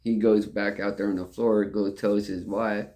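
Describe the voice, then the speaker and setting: A man's voice: fairly low pitch, flat delivery, normal speed, dark tone. A young man who works in a restaurant, telling a rambling, repetitive story in casual talk. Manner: rambling, repeats "and all that stuff".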